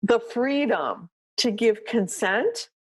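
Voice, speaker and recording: A woman's voice: fairly high pitch, expressive, slow, slightly rough. A woman hosting a dog training podcast, talking through a coaching session in a loose, conversational way. She checks in with "right?" and "you know what I mean?" and acts out short exchanges with her dog. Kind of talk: coaching talk, casual explanation.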